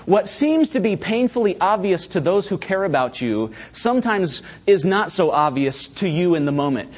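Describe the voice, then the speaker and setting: A man preaching a sermon, his husky voice riding a lively, swooping pitch as he acts out voices and turns to the congregation. The recording is dull and lo-fi. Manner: animated, acts out quoted voices, talks directly to congregation. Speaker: pastor.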